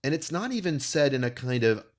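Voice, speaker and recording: A man's voice: medium pitch, very animated, a little fast. A man co-hosting a casual political podcast, speaking passionately and articulately, often repeating words as he builds a point. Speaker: podcast co-host.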